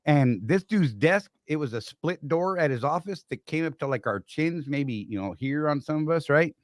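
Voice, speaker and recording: A man's voice: a little high, animated, normal speed, no echo, studio quality. A man co-hosting a casual live-stream chat, rambling through stories with frequent restarts. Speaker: co-host.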